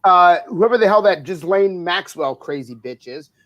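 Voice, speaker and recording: A man's voice: high voice, expressive, moderate pace, crowd noise. Blunt, cursing male co-host. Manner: blunt, profane, emphatic. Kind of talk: casual political chat.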